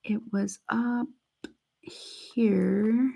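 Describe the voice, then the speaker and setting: A woman's voice: fairly high pitch, fairly even intonation, very slow, creaky, mellow, breathy edge. A woman giving a casual live tarot reading, chatty and repetitive, calling her viewers honey. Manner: chatty, repeats herself, calls viewers honey. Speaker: tarot reader.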